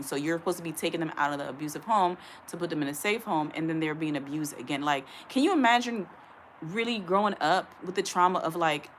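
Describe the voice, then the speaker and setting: A young woman from Ohio reads a news story aloud and breaks off to give her own blunt, indignant opinions. Her voice sits a little low. She is emphatic and sometimes trips over the written words, over a faint hiss. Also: fairly bright tone. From Ohio, USA. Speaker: vlogger reading a news article to viewers. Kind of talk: casual commentary.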